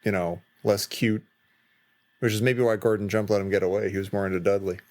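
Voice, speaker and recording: A man's voice: fairly low pitch, fairly even intonation, a little fast, a little mellow. A man co-hosting a comedy podcast who laughs often and reacts with mock disgust. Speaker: podcast co-host. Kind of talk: casual comedic chat.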